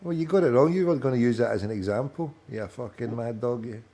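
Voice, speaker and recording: A man's voice: mid-range voice, fast talker, mellow. A man, hosting a late-night phone-in, rambling in sweary chat and calling his friend "mate" often. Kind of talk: casual banter over a call.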